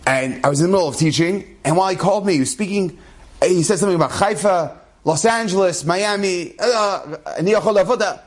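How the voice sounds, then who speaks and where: A man who is a rabbi, telling a personal story to a congregation in an animated, emphatic way, his voice jumping up on key words. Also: sits high, fast talker.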